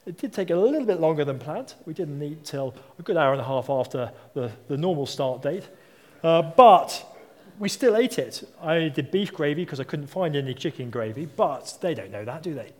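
A man's voice: on the high side, expressive, moderate pace. A man in his thirties or forties preaching a sermon, telling stories in a conversational way and asking rhetorical questions. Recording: long hall reverb.

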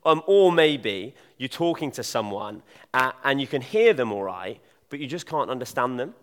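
Chatty preacher from in a reverberant hall. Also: male voice, mid-range voice, very animated, normal speed. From Devon, England. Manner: chatty, jokey, addresses audience directly. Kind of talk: informal sermon.

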